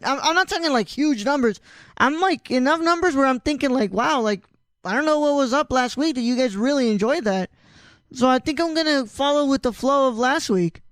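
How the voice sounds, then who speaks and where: A man's voice: extremely high pitch, a bit bright, clean tone, no room sound. Laid-back man hosting a podcast, dry sound. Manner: laid-back, swears casually, laughs often. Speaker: podcast host. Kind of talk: casual chat.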